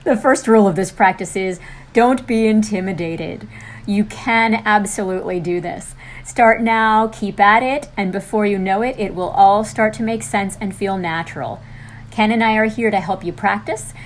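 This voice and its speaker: A woman's voice: medium pitch, normal speed. An encouraging woman hosts a lesson with an upbeat, teacherly lilt. Her voice sits in a comfortable middle register as she walks the listener through each rule. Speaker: co-host and instructor. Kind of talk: scripted instructional video.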